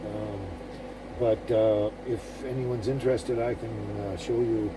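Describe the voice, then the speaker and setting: A man's voice: lowish voice, fairly even intonation, slow pace. A man talking casually to camera, rambling with many fillers and restarts. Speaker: vlogger. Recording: distant mic with background noise.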